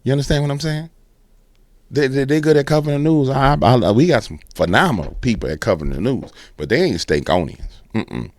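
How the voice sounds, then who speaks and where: A man hosting casual political commentary, animated and slangy, with playful sound effects. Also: mid-range voice, fairly quick, no room sound, studio quality.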